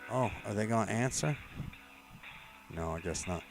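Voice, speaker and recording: A man's voice: lowish voice, animated, moderate pace, music in the background, rough recording. A man live streaming, casually telling rambling anecdotes with many fillers. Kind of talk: casual storytelling.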